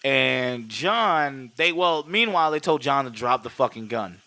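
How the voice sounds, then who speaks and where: A man co-hosting a podcast, retelling a film in a rambling, profane, animated way. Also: mid-range voice, unhurried, no room sound. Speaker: podcast co-host. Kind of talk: casual film recap chat.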